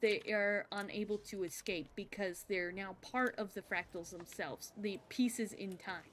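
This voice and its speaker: A woman streaming a video game, chatting casually and excitedly with her viewers as she plays. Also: mid-range voice, measured pace, a little hiss or hum. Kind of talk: casual live-stream chat.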